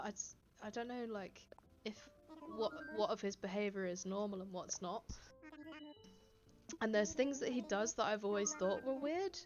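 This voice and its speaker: A woman's voice: medium pitch, highs cut off. Giggly woman streaming from home. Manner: chatty, giggly, reads chat aloud. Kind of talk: casual live-stream chat. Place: home, indoors. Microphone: desk microphone.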